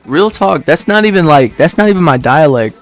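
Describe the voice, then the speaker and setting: A man's voice: on the high side, lively intonation, fairly quick, soft background music. A man in his twenties from Detroit, chatting casually with stream viewers in a rambling way, laughing often and filling with "like". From Detroit, United States. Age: 20s.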